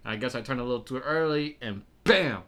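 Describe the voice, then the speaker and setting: A twenty-year-old man, a podcast guest, telling a story in casual chat, swearing freely, animated and laughing often. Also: medium pitch, fairly quick.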